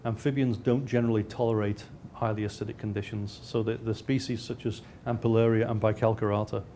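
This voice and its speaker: A man's voice: on the low side, level tone, fairly quick, dark tone, a little hiss or hum. A male researcher giving a slide lecture, with frequent restarts and dry, self-mocking asides.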